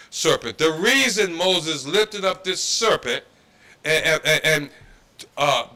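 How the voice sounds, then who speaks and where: A man gives a scripture lecture in a preaching style, his voice pitched a little high and cutting bright and forceful. He talks emphatically, repeats himself, and tosses in mocking asides. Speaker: religious history class instructor. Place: Detroit.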